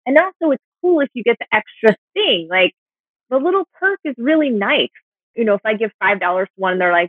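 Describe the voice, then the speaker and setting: Woman guest, author type, excitable and self-mocking; high-ish voice, phone-line quality. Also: a little fast, no echo. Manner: animated, rambling, self-deprecating. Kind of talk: casual chat. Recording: dry tinny phone line.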